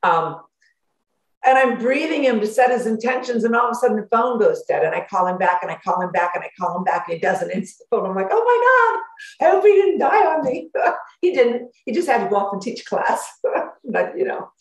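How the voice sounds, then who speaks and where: Animated woman coach in an echoey room. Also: medium pitch, a little fast. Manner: animated, acts out worried inner thoughts, laughs often. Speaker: host and life coach. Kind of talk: motivational self-help talk. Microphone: computer microphone. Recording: roomy echo.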